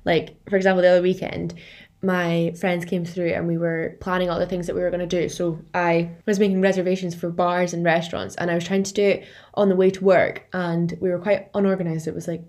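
A woman's voice: on the low side, little pitch movement, a little fast, darkish tone. A young woman, co-hosting a podcast, telling reflective personal anecdotes in casual chat. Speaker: podcast co-host.

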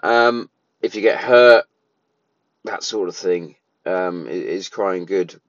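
Dad, 30s, lower voice, casual rambling monologue with lots of fillers; muffled, dead-dry recording. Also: male voice, takes it slowly, dry recording. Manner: rambling, many restarts and fillers. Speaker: parent sharing opinions.

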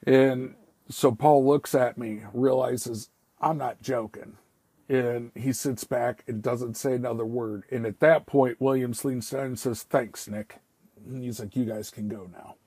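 A man's voice: mid-range voice, a little slow, darkish tone, slightly rough, no echo. A middle-aged man casually telling a personal story, rambling and swearing freely, with lots of "I was like.".

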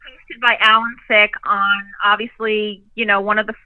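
A woman telling stories as a guest on a video call, animated and profane, laughing often. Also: medium pitch, moderate pace, dry recording, narrow, tinny audio. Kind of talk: casual storytelling chat.

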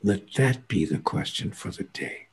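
A man with a very husky, gravelly voice explains spiritual ideas as a guest. He tells stories and hammers his points home with repetition. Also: on the low side, expressive, unhurried. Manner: storytelling, emphatic repetition. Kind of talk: lecturing in conversation.

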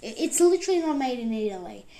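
A woman around twenty rambling excitedly in a casual vlog, jumping between loud outbursts and whispers. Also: fairly high pitch, fast. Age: about 20. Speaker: vlogger.

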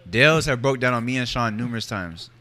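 Male co-host, bright voice, slangy and joking, easygoing. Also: mid-range voice, animated, fairly quick. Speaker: podcast co-host. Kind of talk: casual group chat.

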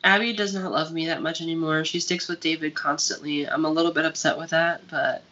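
A woman co-hosts a laid-back podcast, wandering through her stories with plenty of fillers and the odd curse word. Her voice is bright, and the recording is dull and lo-fi. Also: sits low, steady tone, a little fast. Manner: rambling, filler-heavy, profane. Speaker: podcast co-host. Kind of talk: casual chat.

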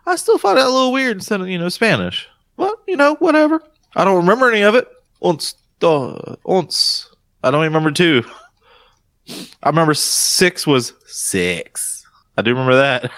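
A North Carolina man in his thirties co-hosts a casual podcast, his voice sitting high and moving a little fast. He's animated and jokey, swearing freely as he chats. The recording is studio quality with no echo.

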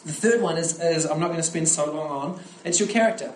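This young man, preaching to a youth camp, speaks a little fast with a voice pitched a bit above most men's. He restarts phrases often as he tells animated stories, and the sound is roomy and echoing, with faint ambience and slight hiss or hum.

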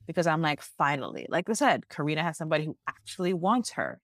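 Low-voiced, blunt woman podcast co-host. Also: sing-song, fast, no echo, studio quality. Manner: blunt, frequent swearing, emphatic. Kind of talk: casual reality-show recap chat.

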